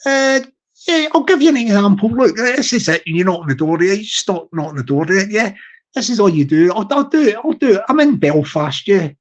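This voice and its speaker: A man hosting a livestream, rambling through a comic monologue with halting starts and repeated phrases. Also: high voice, animated. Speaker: livestream host. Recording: slightly muffled audio.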